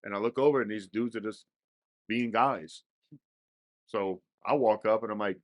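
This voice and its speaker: A man's voice: lowish voice, moderate pace, long pauses, dry recording, studio quality. A young man telling a rowdy, profane story in casual podcast chat, often laughing. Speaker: storyteller guest.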